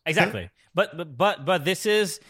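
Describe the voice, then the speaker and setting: A man co-hosting a casual sports talk show, talking haltingly with many fillers. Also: high voice, expressive, a bit bright, husky. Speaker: co-host.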